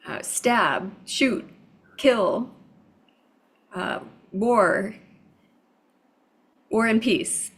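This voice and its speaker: Woman improviser, very slow, gravelly, guessing word by word. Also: a little high, fairly bright tone.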